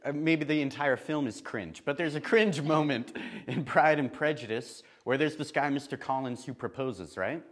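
Male preacher in a church, chatty and lively, laughs at his own asides, mid-pitched voice. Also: normal speed, hardly any pauses. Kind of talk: sermon.

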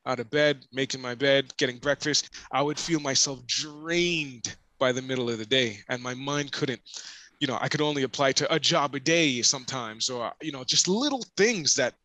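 A man hosting a podcast, speaking in a reflective, conversational way and often filling pauses with "you know.". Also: mid-range voice, sharp tone. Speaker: podcast host.

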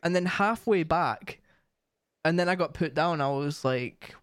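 A young man telling gig stories in casual chat, animated and full of swearing. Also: on the high side, unhurried, clean tone, no room sound, clean studio sound.

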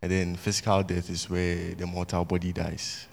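Student, male, very low voice, casual recitation. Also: monotone, normal speed, gravelly, background noise. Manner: casual, filler-heavy explaining. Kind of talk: answering a teacher.

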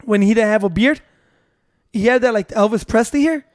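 Man, casual banter, loud, joking, profane, Spanish mixed in, dry close mic. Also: high-pitched, moderate pace, no room sound.

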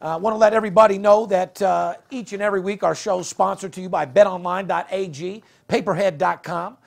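A man's voice: high voice, fairly even intonation, fairly quick, creaky. A man hosting a sports betting podcast, talking brashly and profanely in casual banter. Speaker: podcast host.

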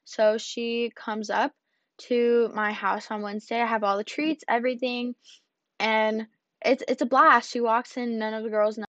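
A teenage girl giving a lively personal storytelling talk, acting out the dialogue and using "like" a lot. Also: on the high side, unhurried, dry recording. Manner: animated, acts out dialogue, many fillers like "like". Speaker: speaker sharing a personal story. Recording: dull lo-fi dry recording.

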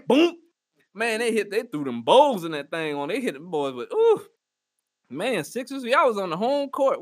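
A man's voice: high voice, a bit bright, dry recording, studio quality. A man hosting his own podcast, chatting casually and rambling with jokes and slang. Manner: joking, slangy, rambling banter. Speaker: podcast host. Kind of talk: casual solo podcast chat.

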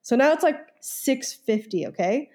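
A woman co-hosting a podcast, telling a story in casual chat, animated and swearing freely as she acts out phone calls. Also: high voice, moderate pace, a crowd in the background. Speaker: podcast co-host.

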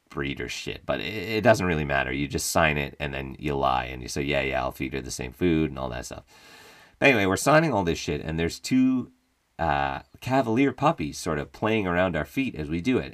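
Young man, very low voice, dry close recording, casual comedic storytelling, profane and wry. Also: no room sound. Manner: profane, wry, laughs while telling. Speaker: podcast host telling a personal story.

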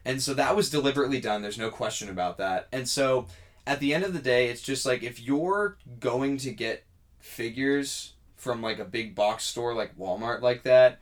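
A man's voice: medium pitch, moderate pace. A young man co-hosting a podcast, telling a long story in casual chat and acting out the people in it. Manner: animated storytelling, acts out quoted people. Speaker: podcast co-host.

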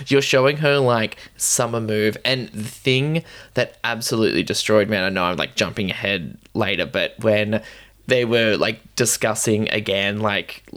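A podcast co-host in casual chat, animated, laughing often and full of fillers. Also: medium pitch, moderate pace.

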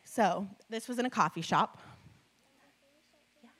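A young woman giving a sermon as a casual, chatty story, full of filler likes and animated retelling. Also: medium pitch, a little slow. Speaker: church speaker.

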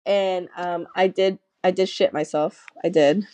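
A woman's voice: fairly low pitch, fairly even intonation, unhurried, warm tone, no room sound. A young adult woman telling a candid personal story in casual chat, acting out the voices of people she quotes. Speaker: podcast guest.

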